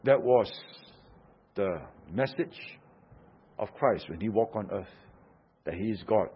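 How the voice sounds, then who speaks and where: A man preaching a sermon, emphatic, swinging from hushed, low passages to loud, insistent ones. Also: lively intonation, takes it slowly, husky, muffled recording.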